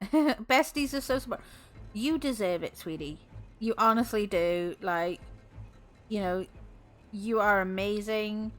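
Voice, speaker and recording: A woman's voice: mid-range voice, slow, pauses often, faint music behind. A woman streamer chatting casually with her viewers, bubbly and giggly, laughing often.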